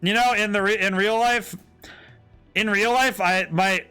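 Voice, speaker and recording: A man streaming a video game, chatting in an excitable, jokey way, often stopping and restarting his sentences. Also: sits high, measured pace, clear, resonant tone, soft background music. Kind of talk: casual gameplay commentary.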